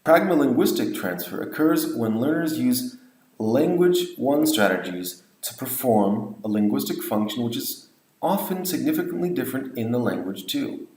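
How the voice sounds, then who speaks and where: A man's voice: medium pitch, lively intonation, normal speed, a little mellow, roomy sound, poor audio. A man lecturing on language teaching, explaining points and modeling example phrases. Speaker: English teacher trainer.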